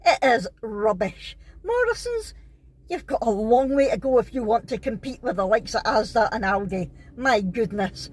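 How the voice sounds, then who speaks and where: A woman's voice: on the high side, normal speed, few pauses, darkish tone, breathy edge. A Scottish woman, middle-aged, chatting casually to camera in a family vlog, rambling with lots of ums and little laughs. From Scotland. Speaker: vlogger.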